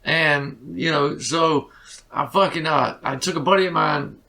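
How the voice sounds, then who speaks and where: A man with a gravelly, rough edge to his voice and a bright, forceful tone. He tells long, rambling stories as a guest on a casual interview show, swearing freely and leaning on fillers like "you know.". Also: fairly high pitch, a little slow. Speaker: podcast guest, musician.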